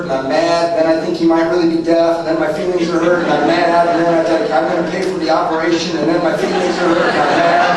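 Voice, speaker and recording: A man's voice: fairly high pitch, a little hiss or hum. A man in his thirties speaking at a recovery meeting, telling his story candidly with self-mocking humor. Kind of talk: personal testimony talk. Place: meeting room. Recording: echoey hall, distant mic.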